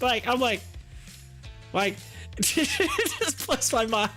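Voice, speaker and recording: A man's voice: very high voice, sing-song, takes it slowly, long pauses, pushed and bright, soft background music. A man doing casual live-stream commentary on stocks, joking and laughing often and slipping into mocking voices.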